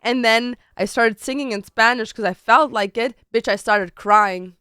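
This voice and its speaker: A chatty woman streamer talks casually to her viewers from her bedroom. Her voice is bright, crisp and a little high. The sound is close and dry, with little room in it. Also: a little slow, pauses often, dry recording. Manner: chatty, slangy and expressive, with frequent "like". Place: home bedroom.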